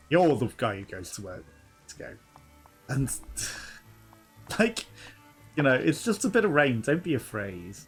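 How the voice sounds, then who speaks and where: Man, young, casual gameplay chat, lively up-and-down voice, game music underneath. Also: on the high side, slightly rough. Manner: chatty, laughing, reads game dialogue aloud. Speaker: let's play host.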